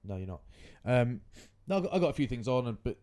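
A man's voice: mid-range voice, sing-song, fast talker, warm tone. A man, hosting a podcast and telling rambling stories in casual chat. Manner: rambling anecdotal storytelling. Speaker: podcast host.

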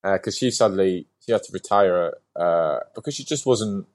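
As a guest on an interview podcast, a man tells a story in a lively, casual way, saying "like" a lot and swearing now and then. His voice is low-pitched and his pace normal.

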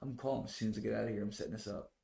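A man's voice: lowish voice, steady tone, racing, vocal fry, a crowd in the background. Joking podcast guest, a man, roomy sound. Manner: joking, curious, swears casually. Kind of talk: casual chat. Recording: roomy echo.

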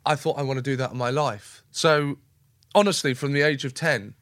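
A man's voice: medium pitch, moderate pace, fairly bright tone, no echo, studio quality. Enthusiastic rambling comedian man. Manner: enthusiastic and rambling, acts out little scenes. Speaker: comedian guest. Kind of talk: casual podcast interview chat.

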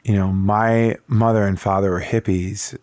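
Man, forties, from Wisconsin, low voice, dry close sound, halting reflective storytelling. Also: flat delivery, darkish tone, no room sound. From Wisconsin, USA. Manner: reflective, halting, many fillers. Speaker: interview guest. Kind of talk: conversational storytelling.

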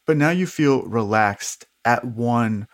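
A man's voice: medium pitch, slow pace. Man narrating as game master. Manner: relaxed, descriptive, with laughs and fillers.

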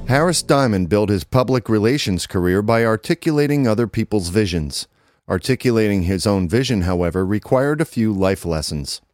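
A man reading a business news feature aloud in a measured, even newsreader manner. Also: fairly low pitch, no echo, studio quality, soft background music. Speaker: narrator reading an article. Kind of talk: scripted read-aloud narration.

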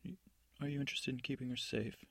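A man voicing a shrewd, coaxing fairy godmother in a sleep story, asking soft, sly, probing questions. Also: medium pitch, fast, creaky, husky, no room sound. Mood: hushed. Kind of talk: sleep-story narration with character voices.

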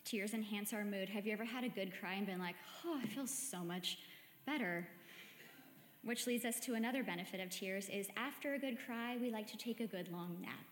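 A woman gives a gentle, reflective devotional talk, easing through her thoughts with soft hesitations. Her voice rings through an echoey space with a long reverb tail, and faint music sits low behind her. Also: quick pace, hardly any pauses. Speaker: meditation host.

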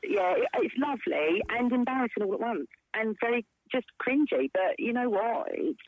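A middle-aged woman telling stories as a guest in a casual chat, animated and full of swings in her voice. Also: a little high, moderate pace, no echo. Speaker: guest, stage performer. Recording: tinny phone line, dry.

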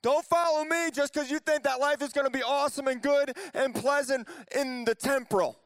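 A high-pitched man in his thirties preaches in a relaxed, conversational way, slipping into playful voices as he retells the story. The sound is dry and close, with no room echo around him. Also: moderate pace. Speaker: pastor. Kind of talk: casual conversational sermon.

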